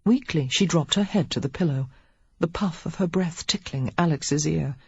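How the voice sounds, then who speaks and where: An audiobook narrator reading a historical romance in a steady, measured way. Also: medium pitch, breathy edge. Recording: dull lo-fi audiobook recording.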